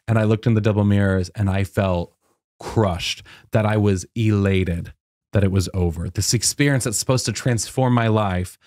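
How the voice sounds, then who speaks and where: A comedian around thirty tells a long personal story in a loose, chatty way, filling every pause with "like." His voice sits a bit low and is recorded close and dry. He bounces into high, bright tones when acting out what others said. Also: no room sound. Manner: animated, many "like" fillers, acts out quotes in a high voice. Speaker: guest comedian. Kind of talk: casual podcast storytelling.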